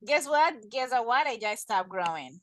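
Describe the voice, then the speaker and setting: Woman, easygoing podcast co-host, teasing and relaxed. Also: on the high side, a little slow, dry recording. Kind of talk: casual chat.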